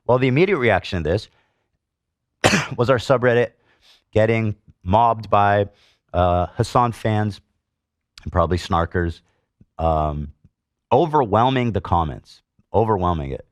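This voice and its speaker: Male podcast host, middle-aged, heated and sarcastic commentary, deep voice, dry studio sound. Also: animated, measured pace, pauses often, no room sound. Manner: indignant, swears, reads comments aloud with sarcasm.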